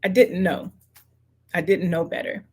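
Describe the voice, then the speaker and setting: A middle-aged woman hosts a motivational live stream. She talks slowly and earnestly, circling back to repeat each affirmation as if speaking to one viewer. She sits close to the mic. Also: fairly low pitch, fairly even intonation, husky.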